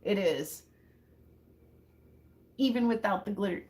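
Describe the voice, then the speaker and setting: A woman's voice: medium pitch, lively intonation, slow, a little mellow. A woman from Montana hosting a casual chat with her viewers, laughing a lot and saying "like" and "seriously" often. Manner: chatty, says "like" and "seriously" a lot. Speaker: rockhound channel host.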